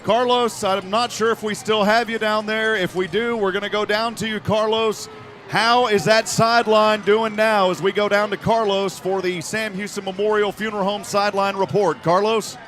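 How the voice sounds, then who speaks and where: A man with a high voice calls a live football game play by play, his voice jumping into excited shouts on big moments. Music plays clearly behind his commentary. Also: normal speed. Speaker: play-by-play announcer.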